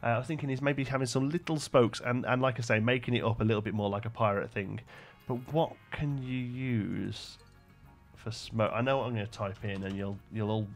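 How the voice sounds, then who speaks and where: Young male streamer, mid pitch, casual running commentary, answers chat, faint music underneath. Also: steady tone, brisk. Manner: thinks aloud, answers chat, frequent fillers. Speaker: live-streamer building in a park-building game.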